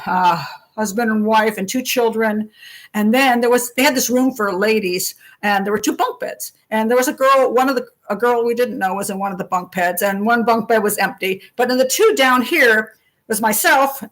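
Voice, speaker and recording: An older woman tells a story on a live stream in a chatty, animated way, slipping into the voices of the people she quotes. Her voice sits a little higher than most women's. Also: rough recording. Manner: chatty and animated, acts out quotes, laughs often.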